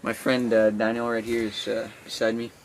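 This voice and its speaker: A man's voice: mid-range voice, completely flat delivery, moderate pace, slight background noise, low-quality recording. A young man from Quebec vlogging from a camper at night, telling a story nervously with lots of fillers and restarts. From Quebec, Canada. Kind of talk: casual vlog storytelling. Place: outdoors.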